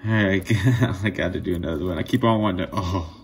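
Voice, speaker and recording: A man making jewelry, talking casually to his viewers in a vlog, excited and marvelling, laughing often as he shows pieces. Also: sits low, fairly quick, soft background music. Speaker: jewelry maker.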